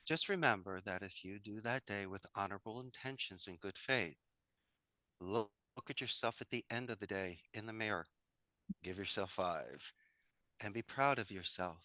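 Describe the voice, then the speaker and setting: Upbeat, bright-voiced man guest. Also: fairly low pitch, animated, moderate pace, dry recording. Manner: upbeat, folksy, full of sayings. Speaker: podcast guest, call center owner. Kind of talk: conversational interview.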